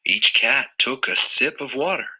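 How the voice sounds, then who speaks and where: A man reading a picture book aloud to a child, with expressive, drawn-out storytelling. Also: medium pitch, husky.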